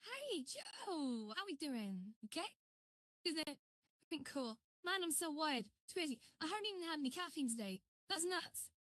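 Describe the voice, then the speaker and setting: A woman's voice: high voice, very animated, moderate pace, a bit bright, no room sound. A woman chatting on a live stream as she builds, rambling and greeting viewers while she works. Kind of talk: casual live-stream chat.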